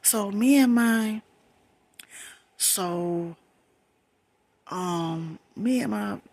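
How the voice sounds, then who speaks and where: A middle-aged woman telling a personal story in a soft, breathy whisper, emphatic and conversational, repeating words for stress. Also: medium pitch, extremely slow, dry recording.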